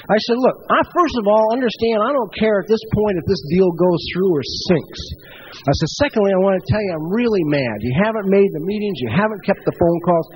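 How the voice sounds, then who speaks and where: A middle-aged man giving a blunt, profane personal recovery talk, telling stories with wide swings in pitch. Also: slight background noise, low-quality recording. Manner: pitch swings widely for emphasis. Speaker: recovery speaker.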